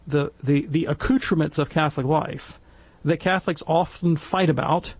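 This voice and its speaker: A man's voice: on the high side, breathy edge, no echo. A middle-aged man on a Catholic discussion panel, telling a story in a casual way and acting out the voices he quotes. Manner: animated, acts out quoted voices.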